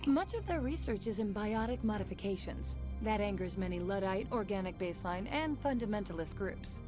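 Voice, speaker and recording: An actress voicing a polite, informative receptionist in a video game. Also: female voice, mid-range voice, fairly quick, music in the background, natural voice. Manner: polished, informative, even. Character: polite female receptionist at a research colony.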